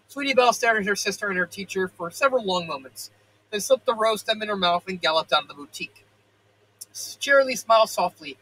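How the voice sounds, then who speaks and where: High, bright-voiced man reading fan fiction. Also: lively intonation, brisk, rough recording. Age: 30s. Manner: stumbles, self-corrects and breaks off into joking asides.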